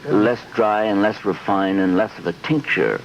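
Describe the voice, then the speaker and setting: A man's voice: lowish voice, normal speed. A man in his fifties in a television interview, rambling and acting out little scenes in other voices. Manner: rambling, animated, acts out quotes in voices. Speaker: interview guest. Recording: dull lo-fi 1970s archive audio with faint hiss.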